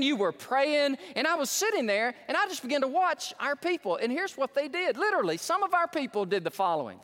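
High-voiced excitable pastor preaching. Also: male voice, in a large hall. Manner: folksy, excitable preaching with repeated restarts. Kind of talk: sermon. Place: large church sanctuary.

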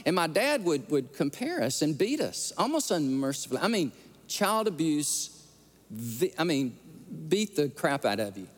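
A man's voice: a little high, very animated, moderate pace. A man preaching a sermon, earnestly and emotionally telling stories and repeating his words as he goes. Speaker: pastor. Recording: long hall reverb.

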